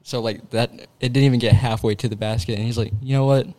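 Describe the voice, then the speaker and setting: A young man on a podcast, chatting casually, quick to chime in and chuckle, calling his friends bro and dude. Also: medium pitch, steady tone, darkish tone. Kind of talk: casual chat.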